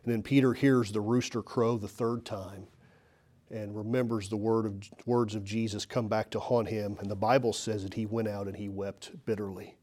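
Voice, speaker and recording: Male pastor, sermon, emphatic storytelling, warm mellow voice. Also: lowish voice, level tone, moderate pace. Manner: emphatic storytelling, voice rises and falls.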